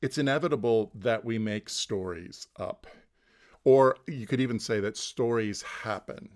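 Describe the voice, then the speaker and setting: A man with a mid-range, slightly mellow voice speaks a little slowly while leading an online mindfulness class on a video call. His relaxed teaching chat is thoughtful, full of restarted words and easy laughter.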